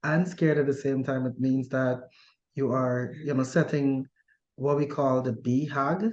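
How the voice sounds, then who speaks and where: A man from Guyana, a business coach hosting an interview, speaking in an affirming, deliberate way with frequent "uh" pauses. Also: medium pitch, little pitch movement, a little mellow. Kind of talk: measured interview questions. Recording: roomy, slightly dull sound.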